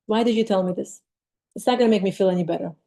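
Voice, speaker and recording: A woman's voice: medium pitch, racing, dark tone, natural voice. A woman voicing a wounded teenage boy who was bullied for years. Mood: hurt. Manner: wounded, reluctant.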